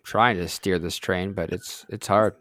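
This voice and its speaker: A man hosts a casual podcast conversation, moving things along with a wry touch. His voice sits at an ordinary pitch. The sound is dry and close. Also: fairly even intonation, measured pace, a bit bright, no room sound. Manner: steers the talk, wry. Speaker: podcast host. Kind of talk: casual chat.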